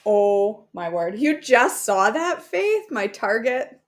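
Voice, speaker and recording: A woman's voice: medium pitch, expressive, slow pace. A woman hosting a casual live cooking show from her home kitchen, chatting playfully with her viewers. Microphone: camera on a counter.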